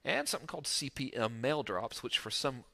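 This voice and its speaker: A man giving a casual, joking marketing lesson to camera, self-mocking and animated, recorded overlooking the ocean. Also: mid-range voice, brisk, gravelly. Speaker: internet marketing teacher.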